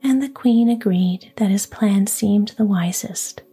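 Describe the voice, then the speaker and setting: A woman reads a fairy tale entirely in a whisper. Her voice is breathy, mellow and very unhurried, with soft music underneath. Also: medium pitch. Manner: whispers throughout. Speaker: storyteller.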